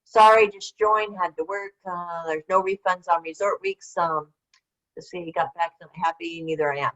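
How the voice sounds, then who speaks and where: A woman's voice: lowish voice, fairly even intonation, normal speed, fairly bright tone. An older woman presenting an online workshop in a casual, rambling way, answering typed questions as she goes. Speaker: webinar presenter. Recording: slightly dull lo-fi call audio.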